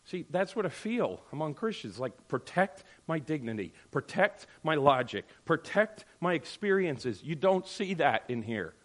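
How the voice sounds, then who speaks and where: A man teaching from scripture in a lively, conversational way, slipping into quick little voices for his listeners. His voice sits a bit high for a man and jumps between loud bursts and near-murmurs. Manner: animated, acts out quoted voices, sudden drops to near-murmur. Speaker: Bible teacher.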